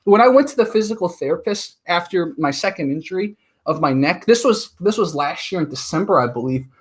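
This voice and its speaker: Husky, high-voiced man chatting. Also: brisk. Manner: talkative, animated storytelling with filler words. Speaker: podcast guest, martial artist. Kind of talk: casual chat.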